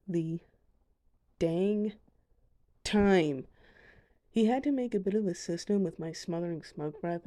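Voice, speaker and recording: A woman's voice: fairly low pitch, mellow. A young woman giving a casual voice-over of a video game, chatty with self-deprecating asides. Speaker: gamer showing her dragons.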